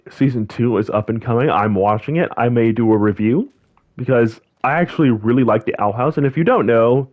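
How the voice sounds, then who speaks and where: A young man hosting a gaming channel, chatting casually over gameplay in a rambling, animated way, full of fillers and restarts. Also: mid-range voice, dull audio.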